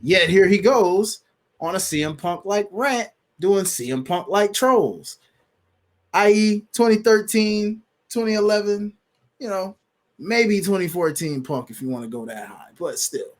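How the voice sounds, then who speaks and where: A man's voice: sits high, expressive, measured pace. A man co-hosting a casual wrestling chat podcast, telling stories animatedly and laughing as he acts out quotes. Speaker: podcast co-host.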